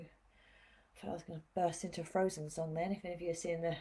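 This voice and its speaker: A woman's voice: fairly low pitch, level tone, quick pace, mellow. A woman spiritual healer leading a live-streamed guided healing session, speaking in soothing, repetitive phrases with chatty asides.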